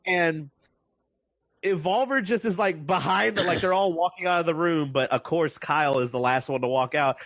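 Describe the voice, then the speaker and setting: A man's voice: fairly high pitch, normal speed, dry recording. Podcast co-host, male, casual movie chatter, laughs a lot, dry close mic. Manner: laughs often, animated retelling with put-on quotes.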